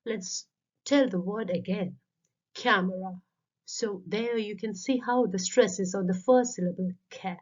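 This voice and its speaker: A woman's voice: medium pitch, moderate pace, warm tone. A woman giving a methodical lecture on literature, explaining terms step by step as a voice-over. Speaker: literature teacher. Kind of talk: scripted lecture narration. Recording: dull lo-fi voice-over.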